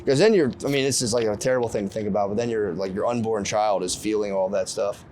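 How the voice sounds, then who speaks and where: A man's voice: lowish voice, fast talker, a little mellow, a little hiss or hum. A man in his thirties chatting casually outdoors by the water, loose and profane, laughing often. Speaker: podcast co-host on a fishing trip. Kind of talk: casual chat.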